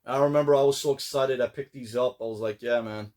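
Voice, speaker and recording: A man's voice: medium pitch, quick pace. Rambling male collector vlogger. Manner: rambling, relaxed, many fillers and restarts. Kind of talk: casual pickups vlog.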